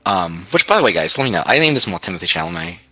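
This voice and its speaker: Animated man, bright and jokey. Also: low-pitched, very fast, no room sound, faint music behind. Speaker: player. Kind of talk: casual tabletop chat.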